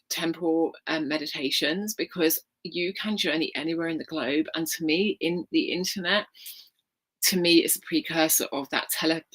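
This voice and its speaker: A British woman with a softened London accent, a spiritual coach guiding a meditation and chatting warmly with a live online group over a video call. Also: on the low side. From England. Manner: soft, chatty, gushing. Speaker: spiritual coach and healer leading a live session. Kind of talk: guided meditation and live chat.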